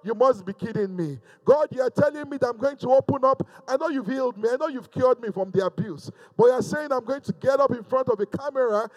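A male preacher with a notably high voice delivers a sermon straight to the camera. He moves between rousing, emphatic calls to the congregation and soft, hushed asides. His delivery is fervent and dramatic. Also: fast, hardly any pauses. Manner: fervent preaching, swinging from loud exhortation to hushed, intimate asides. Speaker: pastor. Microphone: speaking to a camera.

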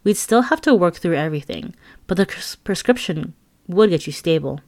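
A woman voicing a calm, reassuring female therapist in her memoir audiobook, speaking softly and steadily. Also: fairly low pitch, normal speed.

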